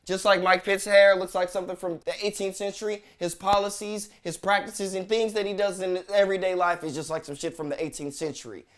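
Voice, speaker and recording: A man's voice: high-pitched, level tone, a little fast, hardly any pauses. Profane, sarcastic ranting man. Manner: blunt, sarcastic, heavy swearing. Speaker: commentary vlogger.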